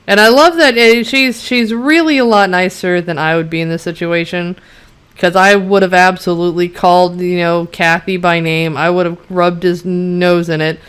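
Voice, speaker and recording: A woman with a lowish, smooth and clear voice rants through a TV recap. Her tone is blunt and sarcastic, with freely dropped swear words. Chatty "you know" and "like" asides run all through her talk. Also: steady tone, moderate pace. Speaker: TV show reviewer. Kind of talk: casual rant recapping an episode.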